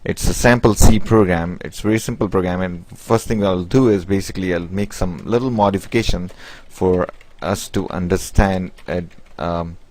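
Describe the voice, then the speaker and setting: Speaking in a deep, slightly mellow voice with fairly even intonation, a man teaches programming through a screen-recorded tutorial. He proceeds step by step but haltingly, restarting often and peppering his speech with "basically" and "you know." The audio is poor, though it has no room sound.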